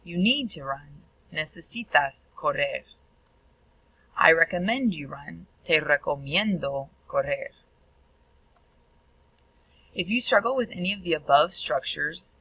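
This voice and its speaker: A woman gives a recorded Spanish lesson with a bright, gravelly voice. She explains each step plainly and stresses the Spanish words as she sounds them out. The recording is dry and a little dull. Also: deep voice, unhurried, dry recording. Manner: clear instructional delivery, sounding out Spanish words. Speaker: Spanish teacher. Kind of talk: recorded video tutorial.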